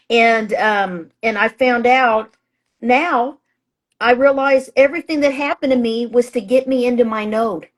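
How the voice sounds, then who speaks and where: Chatty higher-voiced woman astrologer. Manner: chatty and emphatic, many fillers and restarts; acts out her own past thoughts in a raised voice. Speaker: astrologer and author, guest. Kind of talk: casual interview talk.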